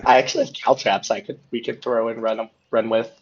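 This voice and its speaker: A man's voice: mid-range voice, level tone, quick pace, a little hiss or hum. Guy playing a tabletop game, kinda hesitant, muffled stream audio. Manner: hesitant, stumbling. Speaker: player.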